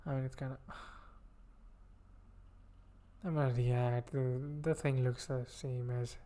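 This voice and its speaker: A man's voice: medium pitch, little pitch movement, very slow, mellow. A man streaming himself coding, thinking aloud as he reads code, with playful asides. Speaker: livestreamer learning web development. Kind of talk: casual coding livestream.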